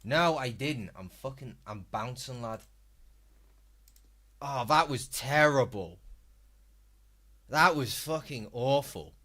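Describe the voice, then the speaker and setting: Exasperated sweary streamer. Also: male voice, mid-range voice, expressive, slow pace, pauses often, sharp tone. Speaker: live streamer. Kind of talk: reaction stream commentary.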